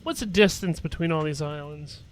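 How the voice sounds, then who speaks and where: A man with a fairly high voice plays a tabletop game. He keeps asking the game master questions about the scene in a curious, plain way. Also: fairly quick, a little hiss or hum. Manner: inquisitive, asking for details. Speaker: player.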